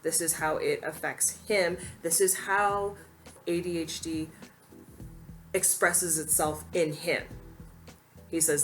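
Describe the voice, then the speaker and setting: A woman's voice: sits low, fairly even intonation, slow pace, long pauses, faint music behind. A woman giving earnest, emphatic opinion commentary to camera, now and then quoting others in a mocking voice. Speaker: commentary YouTuber.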